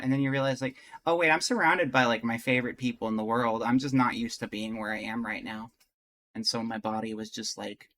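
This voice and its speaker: Chatty, bright-voiced streamer. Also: mid-range voice. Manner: chatty, candid, rambling with restarts. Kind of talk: casual chat and visual novel read-through.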